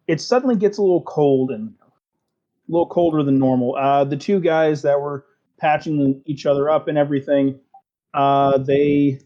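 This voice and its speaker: A man narrating a tabletop game as game master, easygoing and filling pauses with "uh". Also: a little high. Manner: easygoing, many fillers. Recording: dull lo-fi sound.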